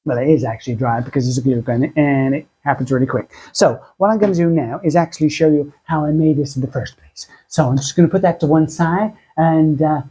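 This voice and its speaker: A man hosting a craft tutorial, chatty and self-deprecating, speaking in a husky put-on voice that sounds like a sore throat. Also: a little high, fairly quick, few pauses, warm tone. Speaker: craft channel host.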